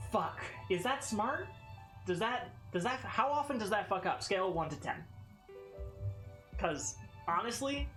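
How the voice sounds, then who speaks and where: A woman with a Southern American accent chats casually with her viewers on a game stream. She rambles, swears freely and laughs often, and her voice sits fairly low. It sounds echoey, with faint music underneath. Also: fairly bright tone. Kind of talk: casual gameplay stream chat.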